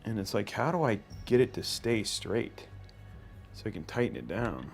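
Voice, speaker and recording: A man chatting casually on a livestream as he builds a computer, his voice rising and falling in a lively way. He thinks aloud, trails off and starts over, and greets the chat between steps. Faint music plays quietly behind him. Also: on the low side, normal speed.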